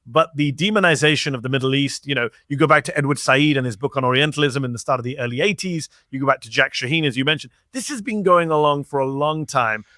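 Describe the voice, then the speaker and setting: Dry, bright-voiced male host. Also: medium pitch, fast, few pauses, dry recording. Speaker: show host. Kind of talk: interview chat.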